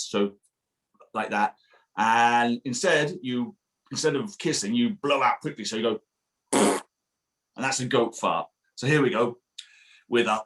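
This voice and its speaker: A man, a children's author, reading his picture book aloud to children at a bookshop event, playful and sing-song, demonstrating silly noises. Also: medium pitch. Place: bookshop event streamed online.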